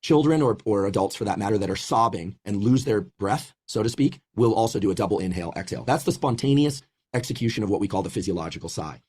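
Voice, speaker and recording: Fast-talking male scientist, husky and mellow. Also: on the low side. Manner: fast, steady lecturing explanation. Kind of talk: scientific explanation.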